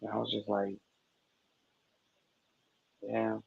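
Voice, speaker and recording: Gravelly-voiced man, low-key. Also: completely flat delivery, takes it slowly. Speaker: caller. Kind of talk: casual storytelling. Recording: dull lo-fi call audio.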